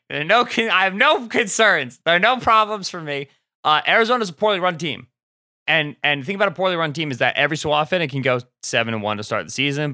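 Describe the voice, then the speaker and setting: A man podcast host giving quick, sarcastic, opinionated sports takes in casual chat. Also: lowish voice, bright, forceful tone, dry recording, clean studio sound.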